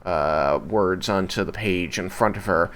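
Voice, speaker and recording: A man narrates a tabletop game as game master. His low voice moves slowly and carefully, with frequent hesitations and fillers. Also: fairly bright tone, slight background noise. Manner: unhurried, hesitant with many fillers.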